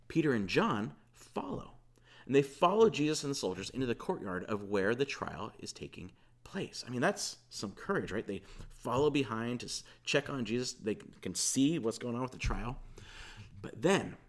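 Guy preaching a sermon, chatty storytelling, pitch swinging all over, middle voice. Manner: conversational storytelling, retelling scripture with asides. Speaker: pastor.

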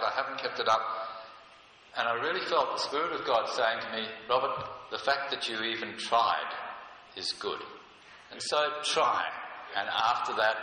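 An older man preaching a sermon, earnest and emphatic, often slowing down to stress a point. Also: mid-range voice, bright, forceful tone. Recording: echoey hall, heard from a distance.

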